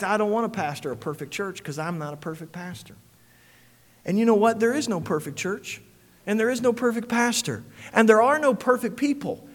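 Preaching man in a reverberant hall. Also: on the high side. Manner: preaching with big swings from hushed to shouting. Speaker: pastor. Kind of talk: sermon.

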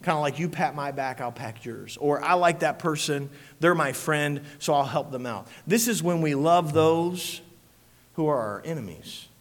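A man preaching a sermon as pastor, swinging from hushed, quiet passages to loud shouted peaks. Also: fairly high pitch, moderate pace. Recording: long hall reverb.

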